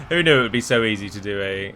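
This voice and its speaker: A man's voice: lowish voice, sharp tone. A man giving casual live gameplay commentary, chatty and wry, talking to his units as he plays. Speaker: gaming video creator.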